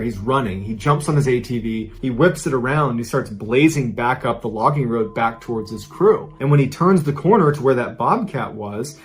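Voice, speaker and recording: A man narrating a true scary story as a podcast storyteller, building suspense with sudden loud emphasis. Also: mid-range voice.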